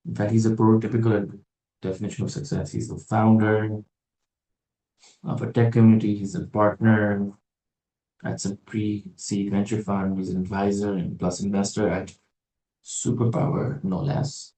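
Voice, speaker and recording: Man, religious teacher, low mellow voice, wry and rambling, roomy echo. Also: flat delivery, moderate pace. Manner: musing, digressive, with wry sarcastic asides. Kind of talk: informal religious talk. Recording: roomy echo, distant from mic.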